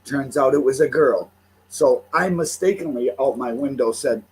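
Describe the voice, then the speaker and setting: A man's voice: medium pitch, moderate pace, husky, low-quality recording. Fired-up, foul-mouthed older New man. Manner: swears constantly, heated and animated. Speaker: vlogger. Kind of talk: profane storytelling rant. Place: at home by his window.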